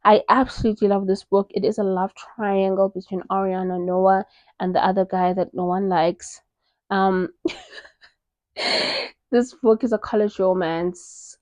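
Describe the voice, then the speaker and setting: A woman's voice: mid-range voice, measured pace, no echo. A young woman from South Africa chatting casually about her favorite books. She gushes and fills her talk with lots of "like"s. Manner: gushing, animated, filler-heavy with many "like"s. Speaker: book reviewer. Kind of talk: casual book recommendation vlog.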